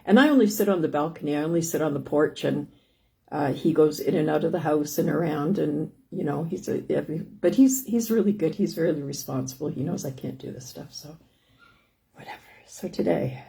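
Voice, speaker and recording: An older woman with a low, mellow voice chats casually on her live stream. She rambles from one thing to the next, restarting sentences and looping back with "anyways". Her tone stays easygoing and homey. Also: a little fast, vocal fry. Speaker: host of a live stream about living with lung disease.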